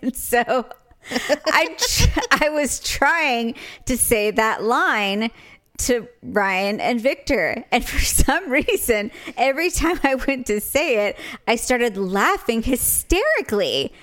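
A woman's voice: a little high, big pitch swings, slow pace, fairly bright tone. A woman chatting casually with her sister, a storyteller who keeps breaking into giggles. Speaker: sister of the other speaker. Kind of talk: casual chat.

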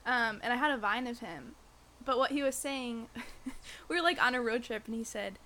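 Bright-voiced chatty woman. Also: a little high, lively intonation, normal speed, a little hiss or hum. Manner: reflective, chatty, laughs often. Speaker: podcast co-host. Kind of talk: casual chat.

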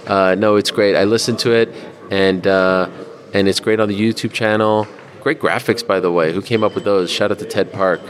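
A man's voice: fairly low pitch, steady tone, moderate pace. A man, a sports journalist, chatting as a podcast guest, enthusiastic and joking, with some swearing. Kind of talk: casual interview chat. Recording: crowd chatter behind.

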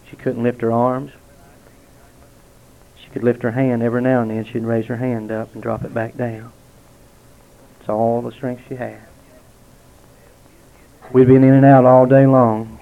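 A man giving a heartfelt spoken testimony to a gathering at a restaurant, telling stories with dramatic pauses. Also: medium pitch. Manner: earnest, storytelling with dramatic pauses. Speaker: lay speaker giving testimony. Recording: tinny, narrow-band lo-fi recording.

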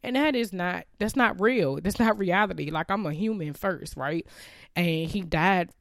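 A woman's voice: lowish voice, moderate pace, dry recording. Woman host, casual heartfelt faith talk, close dry sound, teary and candid. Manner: candid, emotional, chatty with many fillers. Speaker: podcast host.

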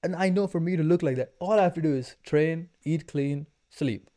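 A man in his twenties, guesting on a podcast, chats casually in an intense, emphatic, slangy way. His voice is fairly high in pitch with a dark tone, at a moderate pace.

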